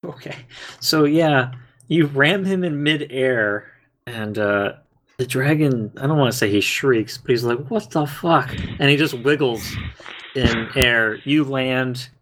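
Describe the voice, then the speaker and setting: A man acting as game master in a tabletop role-playing session, narrating with hesitant pauses and laughter. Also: medium pitch, fairly bright tone. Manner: hesitant, laughing, lots of fillers.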